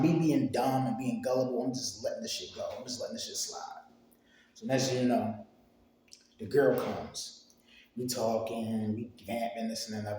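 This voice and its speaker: A man's voice: medium pitch, warm tone, slight background noise. A young man casually telling a storytime tale in loose, profane slang, acting out the people he quotes. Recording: very echoey room, faint ambience.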